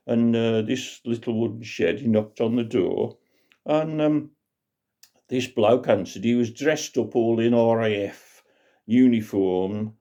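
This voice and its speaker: A man's voice: medium pitch, unhurried, mellow. A man telling a comic folk tale in a chatty, rambling way. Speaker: storyteller. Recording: dull lo-fi recording.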